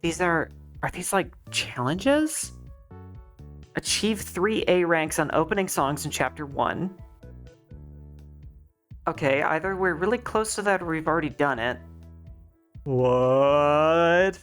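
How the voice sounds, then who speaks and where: A woman streamer reading a visual novel aloud, acting its lines with shouts and swearing. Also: deep voice, animated, takes it slowly, long pauses, faint music behind.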